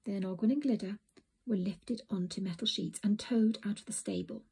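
A woman narrating a children's storybook in a soft, often whispered reading voice. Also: medium pitch, moderate pace, slightly rough.

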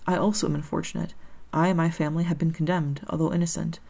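Gentle blind old man read by a woman, calm, consoling, gravelly. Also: sits low, fast. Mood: kindly. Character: kindly old blind man, poor exile.

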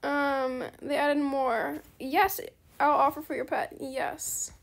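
Speaking slowly, this young gaming channel host has a high voice that slips into gravelly fry as she chats over gameplay. Her talk is loose and rambling, full of apologies, and she perks up whenever something new appears.

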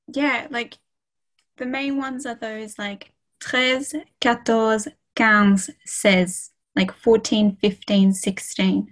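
A woman's voice: mid-range voice, rough recording. A young woman tutoring a beginners' French class online, chatty and encouraging, with frequent fillers. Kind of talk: online language lesson.

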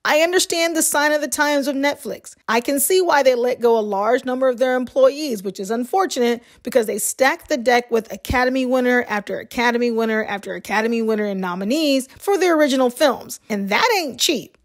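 A woman with a light Southern US accent and a slightly high voice narrates a film review. She reads in an even, measured way, as if from a script, setting out each point in turn. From Southern United States.

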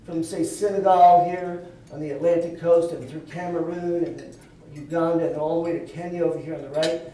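A man's voice: on the high side, steady tone, brisk, mellow. A man giving a keynote talk at a dinner event, telling a long anecdotal story with touches of light humor. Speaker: keynote speaker. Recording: echoey hall, voice from far off.

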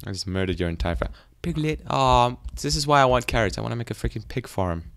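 A man's voice: medium pitch, expressive, fast talker, a bit bright, dry recording. A man doing casual, rambling game commentary in a goofy, self-deprecating way, chatting to the animals on screen. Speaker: gaming YouTuber.

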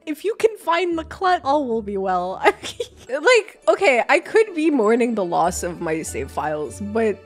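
A young woman streaming a game, joking and swearing as she comments, jumping between loud outbursts and low mumbles. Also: sing-song, measured pace, faint music behind. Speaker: gaming streamer. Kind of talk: casual gaming commentary.

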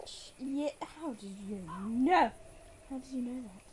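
A woman's voice: fairly high pitch, normal speed. A woman giving casual, giggly commentary while playing a game with a friend. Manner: giggly, excitable, swearing. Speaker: let's play host. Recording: noisy home game recording.

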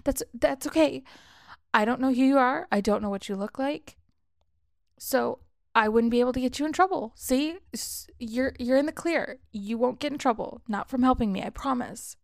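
A woman's voice: fairly high pitch, steady tone, moderate pace, mellow, big-room sound, pitched above the performer's own voice, close to an everyday voice. A woman voicing the story's desperate heroine, pleading and stammering as she talks.

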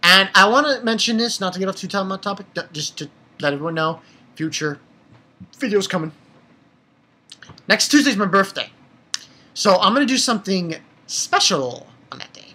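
A young adult anime reviewer giving a casual episode recap, rambling and excitable and swearing freely. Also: mid-range voice, normal speed, long pauses, breathy edge.

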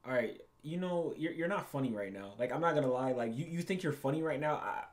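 This young gaming YouTuber talks fast, his medium-pitched voice full of lively intonation. He rambles crudely while reacting to a game, swearing a lot, repeating himself, and cracking up at his own jokes.

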